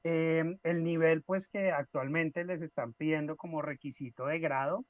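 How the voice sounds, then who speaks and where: A man co-hosting a casual radio chat, explaining language levels in a measured, teacherly way. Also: fairly high pitch, fairly even intonation, dry recording. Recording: dry, dull lo-fi sound.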